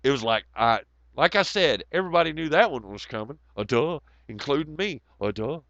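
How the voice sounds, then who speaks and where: A man hosting a casual livestream. His voice is hoarse and nearly gone, and he rambles in a sardonic, profane way. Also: mid-range voice, lively intonation, brisk, a bit bright, no room sound, highs cut off. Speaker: livestream host.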